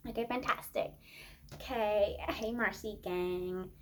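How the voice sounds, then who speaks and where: A woman's voice: mid-range voice, fairly even intonation, takes it slowly, a little hiss or hum, natural voice. A woman voicing a vain, dramatic young female influencer who thinks she can sing, talking in a self-absorbed, giggly way. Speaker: improv comedian. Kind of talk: improvised comedy podcast.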